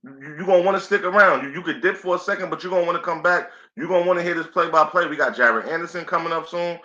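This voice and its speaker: A man's voice: on the high side, fast, pushed and bright. A man hosting a casual live boxing play-by-play stream, laid-back and chatty, often saying "you know what I'm saying.". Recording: echoey room, dull lo-fi sound.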